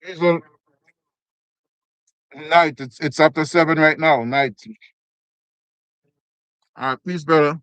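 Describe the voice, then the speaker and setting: A man's voice: a little high, steady tone, slow, long pauses, a bit bright, clean tone, dry recording. A man from Canada hosting a casual live stream, chatting with viewers, thanking them by name and reading comments aloud as he eats. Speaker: livestream host. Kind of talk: casual live chat while eating.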